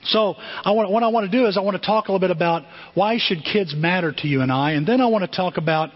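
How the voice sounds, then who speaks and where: Older male preacher, animated storyteller, raspy high voice, long reverb and muffled sound. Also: quick pace. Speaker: pastor. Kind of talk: sermon. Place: church sanctuary. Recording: dull long-reverb church hall.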